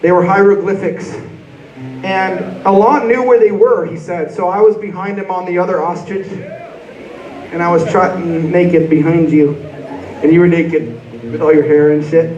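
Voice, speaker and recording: A man's voice: sits high, steady tone, measured pace, muffled recording, a crowd in the background. A rock band frontman doing profane, rambling onstage banter between songs at a live concert. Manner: profane, rambling, joking storyteller. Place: large concert hall stage. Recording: echoey, distant audience recording.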